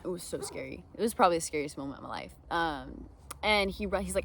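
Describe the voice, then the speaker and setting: Low-voiced young woman, rambling candidly. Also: quick pace, slight background noise. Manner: rambling, full of "um" and "like" fillers. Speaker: speaker training others to help students. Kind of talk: candid personal story with advice.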